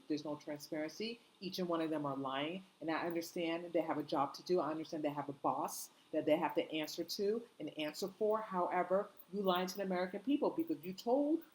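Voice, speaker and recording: A woman with a somewhat low voice delivers an impassioned opinion monologue straight to her viewers. She talks in a casual, unscripted way, full of fillers and slang. She keeps firing off indignant rhetorical questions and repeats her points for emphasis. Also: a little mellow, low-quality recording. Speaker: commentator.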